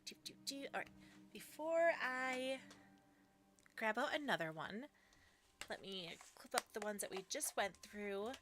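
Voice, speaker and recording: A woman's voice: mid-range voice, expressive, a little slow, long pauses, fairly bright tone. Giggly chatty woman streamer, noisy room. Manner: chatty and giggly, baby-talks her dog. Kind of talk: casual live-stream chat.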